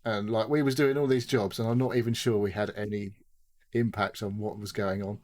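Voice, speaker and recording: In casual gaming chat on his podcast, a male co-host talks fairly quickly in a low, flat, somewhat mellow voice. His talk wanders, he curses freely, and he acts out the things people said.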